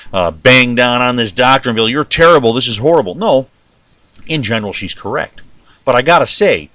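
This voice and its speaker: Animated rambling male commentator. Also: mid-range voice. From United States. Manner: rambling, animated, asks rhetorical questions. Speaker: host. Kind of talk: opinionated news commentary.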